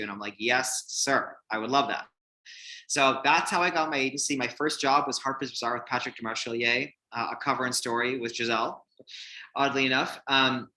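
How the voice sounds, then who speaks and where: A man in his forties telling his hairdressing career story in a casual, animated way, acting out the people he quotes, with lots of fillers. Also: mid-range voice, poor audio.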